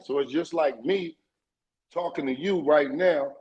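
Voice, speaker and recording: A man, a guest in a casual interview, telling a story in a streetwise and profane way, getting more animated as he goes. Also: fairly high pitch, normal speed, husky, low-quality recording.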